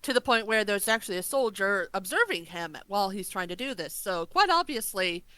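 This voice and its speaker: A woman co-hosting a casual review podcast, explaining plot points in measured turns. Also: medium pitch, expressive, pushed and bright, smooth, no room sound, rough recording. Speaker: podcast co-host.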